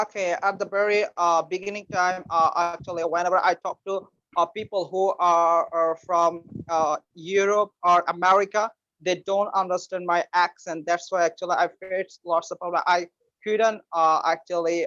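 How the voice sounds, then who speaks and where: High-voiced guy student, halting, lots of pauses, muffled dry call audio. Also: flat delivery, fairly bright tone, no echo. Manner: hesitant, halting, searching for words. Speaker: student caller. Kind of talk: live class conversation.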